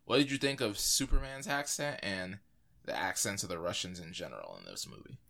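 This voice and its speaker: A man's voice: deep voice, big pitch swings, brisk, vocal fry, bright, forceful tone. A man co-hosting a podcast, chatting casually about movies in a rambling way with lots of fillers. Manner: rambling, filler-heavy, restarts often. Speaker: podcast co-host.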